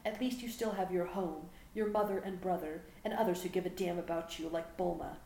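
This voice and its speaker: Lady doing a cold sneering prince, low and clipped, echoey room. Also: steady tone, a little fast, gravelly, mellow. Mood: cold contempt. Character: proud, cold, scornful alien prince, adult man. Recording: echoey room with faint background hum.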